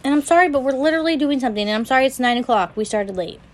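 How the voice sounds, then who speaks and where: Blunt, foul-mouthed woman, higher voice. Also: expressive, rapid-fire, a little hiss or hum. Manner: blunt, profane, dismissive. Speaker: podcast co-host. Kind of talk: casual chat.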